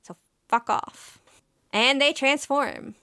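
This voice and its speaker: A woman's voice: high voice, slow, pushed and bright, no room sound, studio quality. A woman co-hosting a casual podcast, recapping an anime episode in a chatty, emotional way with lots of fillers. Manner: chatty and emotional, with many fillers and quoted lines. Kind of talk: casual chat.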